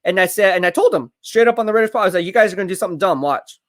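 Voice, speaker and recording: A man hosting a live stream, giving casual commentary, boastful and laughing often, with quick bursts of excitement. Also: high voice, dry recording, clean studio sound.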